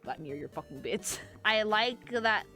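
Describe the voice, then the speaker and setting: A woman streamer gushing excitedly and profanely while reacting to an animation for her chat. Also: mid-range voice, unhurried.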